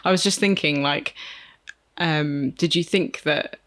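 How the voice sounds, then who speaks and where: A man co-hosting a casual podcast chat, speaking thoughtfully and pausing and restarting as he works through his ideas. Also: on the high side, fairly bright tone. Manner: thoughtful, pauses and restarts while thinking aloud. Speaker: podcast co-host.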